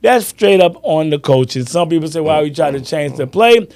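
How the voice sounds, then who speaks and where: Brief: male podcast host, casual sports chat, animated storyteller, slightly high pitch. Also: normal speed. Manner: animated storyteller, acts out friends' lines, laughs often.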